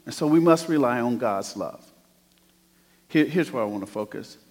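A man preaching a sermon as pastor, moving between hushed, quiet passages and loud, emphatic calls to the congregation. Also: medium pitch, animated, moderate pace. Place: church sanctuary. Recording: long church reverb.

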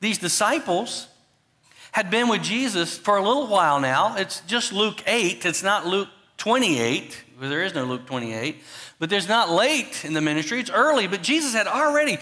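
A male pastor preaches a sermon animatedly, swinging between loud, emphatic bursts and quiet, low asides.

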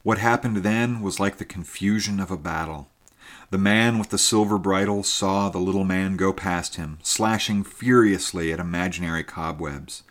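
A man reading a story aloud with a very deep, low voice. His delivery is measured and steady, carrying long descriptive passages at an even keel. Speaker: audiobook narrator. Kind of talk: scripted narration.

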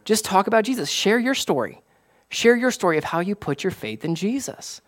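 Man, pastor, conversational sermon, fairly high voice, animated bursts of emphasis. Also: moderate pace. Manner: casual, conversational preaching with southern "y'all"; animated, rising to excited emphasis.

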